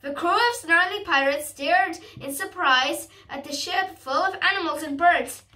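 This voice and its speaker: A woman reading a storybook aloud, carefully and haltingly, restarting words as she goes. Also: very high voice, bright, forceful tone, recorded from a distance.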